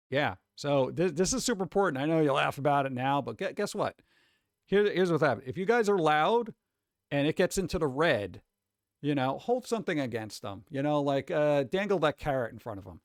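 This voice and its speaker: A man riffs casually on a live stream, his voice sitting slightly high. He rambles, swears freely and restarts his sentences. The close mic sounds dry, with no room around it. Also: expressive, fairly quick, no room sound. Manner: loose, profane, rambling with restarts. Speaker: streamer reacting to reader posts.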